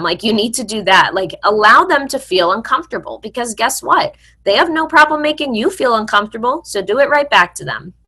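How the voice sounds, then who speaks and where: A woman's voice: mid-range voice, bright, forceful tone. A woman hosting a personal finance video, talking frankly and casually to her viewers as friends, with lots of "like" and some blunt swearing. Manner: frequent "like" fillers, blunt mild profanity. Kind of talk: casual advice talk to camera.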